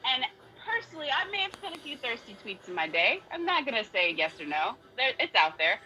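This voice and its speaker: A woman's voice: on the high side, very animated, fairly quick, bright, forceful tone, poor audio. A woman from the United States hosting an interview, chatty and enthusiastic, saying "y'all" often. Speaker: interviewer host. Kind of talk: casual interview chat.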